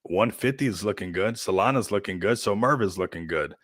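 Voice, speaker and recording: A man's voice: on the low side, a little fast, fairly bright tone, no echo, studio quality. A man hosting a crypto livestream, chatting casually in a rambling, upbeat hype style and laughing often.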